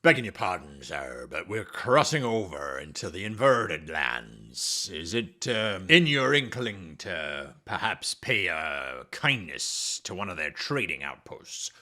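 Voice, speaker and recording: A man putting on a pirate voice to play a deferential male ship captain who speaks slowly and formally. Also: low voice, sing-song, sharp tone, voice pushed down, heavily acted. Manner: slow, gruff, formal pirate speech.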